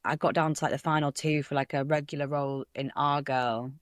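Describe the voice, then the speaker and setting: A woman's voice: low-pitched, steady tone, a little fast, no echo, studio quality. A young woman with a Hull accent, an actor guest chatting casually on a podcast and telling stories with animation. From Hull, England.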